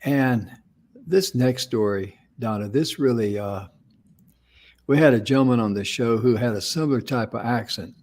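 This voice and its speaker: A man's voice: mid-range voice, normal speed, darkish tone. A man co-hosting a talk show, telling an inspirational story in a folksy, conversational way. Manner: folksy, affirming with frequent mm-hmms. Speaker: co-host.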